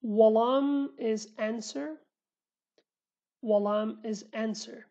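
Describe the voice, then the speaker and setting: A woman's voice: a little high, dark tone, highs cut off. Kurdish-accented woman teaching vocabulary. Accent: Sulaymaniyah Kurdish. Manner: repeats words slowly, self-correcting, chatty asides. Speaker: language teacher. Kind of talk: casual vocabulary lesson.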